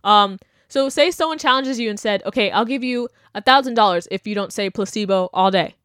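A woman's voice: medium pitch, a little fast, fairly bright tone, clean tone, dry recording, studio quality. A young woman hosting a podcast, talking bluntly and animatedly in casual opinion chat, mocking the people she quotes. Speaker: podcast host.

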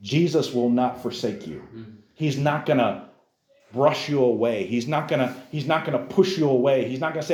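A man's voice: mid-range voice, fairly quick, darkish tone. Emphatic male Bible teacher, echoey room. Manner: emphatic, keeps addressing the listeners as guys. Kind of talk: Bible lesson sermon.

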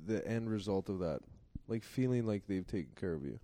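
A young man with a low, dark voice tells rambling, self-deprecating stories in a casual podcast chat. He leans on filler words as he goes. The recording is close and dry. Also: animated, fairly quick, dry recording. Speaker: podcast co-host.

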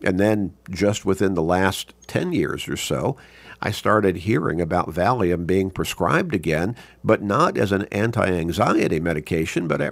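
An older man giving a sermon, slow and deliberate, repeating points for emphasis, with a gravelly voice. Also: low-pitched, no echo.

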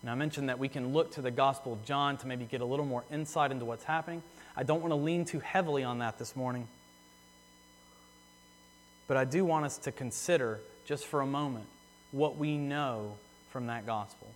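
A man preaching a sermon in earnest, repeating phrases for emphasis and slowing down on key words. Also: medium pitch. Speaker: pastor. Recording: long hall reverb.

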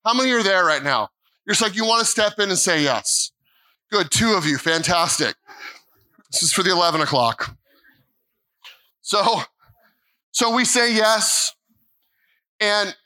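Bright-voiced American pastor preaching. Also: male voice, sits high, unhurried, pauses often, rough recording. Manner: animated storytelling with repeated phrases and quoted dialogue; stammering restarts, emphatic. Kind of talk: sermon. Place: church sanctuary.

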